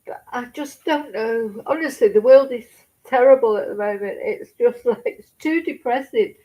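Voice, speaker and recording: A woman's voice: a little high, moderate pace, dark tone, rough recording. A middle-aged woman chatting on a live stream, tearful and upset, swearing and laughing nervously between sentences. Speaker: true crime streamer. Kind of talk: casual live-stream chat.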